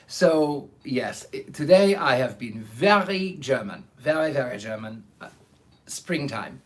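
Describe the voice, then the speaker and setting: A man with a fairly high, expressive voice speaks at a measured pace. He hosts a live storytelling stream, chatting theatrically with viewers and greeting them by name before he reads a book aloud, so the talk moves between casual conversation and reading.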